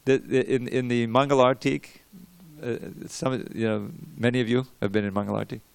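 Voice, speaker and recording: Gravelly older man teaching scripture. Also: mid-range voice, flat delivery, moderate pace, no room sound. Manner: conversational, digressive, many restarts, stops to drill pronunciation. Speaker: visiting teacher giving a scripture class. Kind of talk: devotional scripture class with chanting of verses. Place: temple room.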